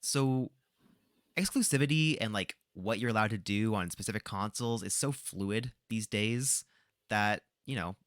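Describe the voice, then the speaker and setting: A man hosting a podcast, asking questions in a relaxed, agreeable way. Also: fairly low pitch, normal speed, no room sound, studio quality. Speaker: podcast host. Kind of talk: casual podcast chat.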